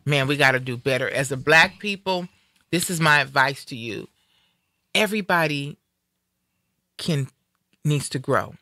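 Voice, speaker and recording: Bright, emphatic middle-aged woman host. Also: low-pitched, animated, a little slow, pauses often, no room sound, studio quality. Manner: emphatic, heartfelt, repeats phrases for weight. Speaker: talk show host. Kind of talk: casual chat.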